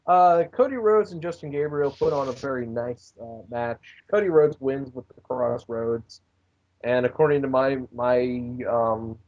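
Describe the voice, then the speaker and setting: A man's voice: mid-range voice, unhurried, darkish tone. Rambling man recapping wrestling, lo-fi sound. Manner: rambling recap with goofy character voices. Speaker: podcast co-host recapping wrestling. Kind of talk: casual podcast chat.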